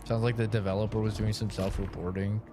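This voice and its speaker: A man's voice: fairly low pitch, level tone, fast talker, over music. A young man chatting on a gaming stream, telling crude, profane, rambling stories. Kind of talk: casual stream chat.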